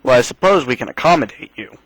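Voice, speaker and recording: A man's voice: mid-range voice, lively intonation, quick pace, a bit bright, husky, no room sound, poor audio. A man voicing a scheming goblin boss, reading game dialogue aloud in a mocking, gloating way.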